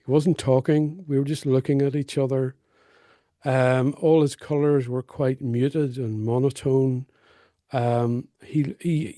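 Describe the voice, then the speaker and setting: A middle-aged man with a Northern Irish accent tells stories slowly and wryly. His voice is dark and mellow and sits a little high for a man. The sound is dry and close. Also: dry recording. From North Belfast. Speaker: guest songwriter and storyteller. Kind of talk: conversational storytelling.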